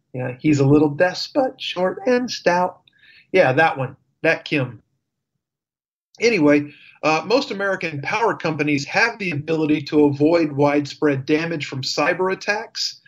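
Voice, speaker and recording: A man's voice: a little high, muffled recording. A man hosting a radio show, reading news with wry, sarcastic asides and fillers. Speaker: radio host. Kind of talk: casual news commentary.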